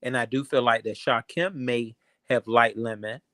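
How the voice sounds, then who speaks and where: Brief: mid-pitched male host, hesitant and soothing, dry close mic. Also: fairly even intonation, normal speed, fairly bright tone, no room sound. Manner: placating, hesitant, full of restarts and ums. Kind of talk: casual chat.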